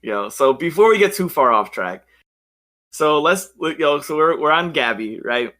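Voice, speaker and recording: Bright excited slangy man. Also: on the high side, unhurried. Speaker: podcast co-host. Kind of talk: casual chat about an anime.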